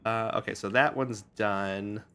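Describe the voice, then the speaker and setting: A man's voice: on the low side, fairly even intonation, unhurried, pushed and bright, smooth. A male streamer giving casual, rambling commentary over a game, laughing often.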